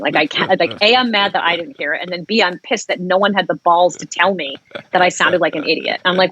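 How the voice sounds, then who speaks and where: A woman's voice: on the low side, fairly quick, a bit bright, lo-fi sound, a little hiss or hum. A woman singer-songwriter talking frankly and reflectively as a guest in a casual interview, rambling and swearing at times.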